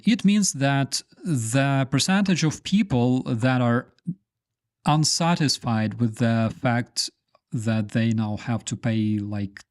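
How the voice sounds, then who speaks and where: A man's voice: medium pitch, no room sound, clean studio sound. A man from Ukraine with a Ukrainian accent, a non-native English speaker, giving emphatic, sarcastic political commentary with many fillers. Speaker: YouTube commentator.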